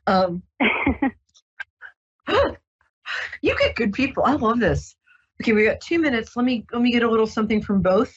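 A woman hosting a psychic radio show, talking gently and reassuringly with many ums and restarts. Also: a little high, animated, normal speed, long pauses, breathy edge, lo-fi sound. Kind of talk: casual radio psychic reading.

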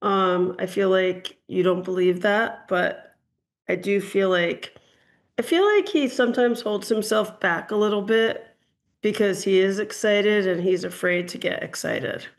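Gravelly-voiced psychic woman taking calls. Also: mid-range voice, a little slow. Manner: chatty, hedging, frequent ums and "I'm getting". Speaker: psychic reader hosting a call-in show. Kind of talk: casual call-in reading.

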